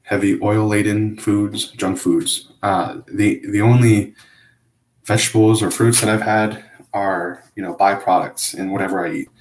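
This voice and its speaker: Man, very low voice, halting confessional monologue, roomy echo. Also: little pitch movement. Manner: hesitant, halting, self-critical, many fillers and restarts. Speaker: vlogger.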